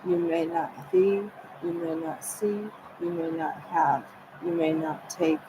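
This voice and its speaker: A woman's voice: deep voice, fairly even intonation, slow pace. A woman talking in a rambling, repetitive way, often relaying what others said to her. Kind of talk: rambling personal monologue. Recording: noisy ambient recording.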